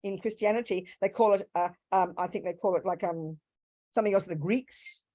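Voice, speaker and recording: A woman gives a Buddhist teaching to a live class, her voice animated and swinging from loud emphatic bursts to soft asides. She acts out little quoted voices to drive points home. Her pitch sits in the middle, and the sound is dry and close. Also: fairly quick, dry recording. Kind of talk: dharma talk to a live class.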